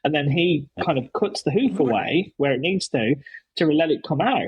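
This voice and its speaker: Man, podcast host, husky voice, fairly high, dry close mic, rambling and keen. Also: animated, normal speed, no room sound, rough recording. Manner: rambling, enthusiastic, many restarts. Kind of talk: casual podcast chat.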